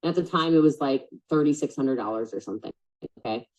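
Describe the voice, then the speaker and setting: Woman business coach, low voice, casual and blunt, muffled video-call sound. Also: fast, a little mellow. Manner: chatty and blunt, lots of fillers. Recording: dull lo-fi call audio.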